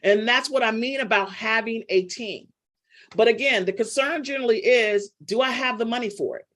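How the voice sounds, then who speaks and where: A woman's voice: fairly high pitch, normal speed, fairly bright tone. A middle-aged woman business coach teaching a live online class, chatty and teasing as she calls on students by name.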